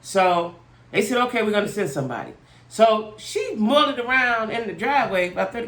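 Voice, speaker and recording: A woman's voice: mid-range voice, a little fast. A woman talks straight to her viewers, spinning a long story in a chatty, exasperated way. Her voice sits in a middle range and keeps swinging up and down as she tells it. The room around her is echoey. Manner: chatty, animated, exasperated retelling. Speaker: channel host.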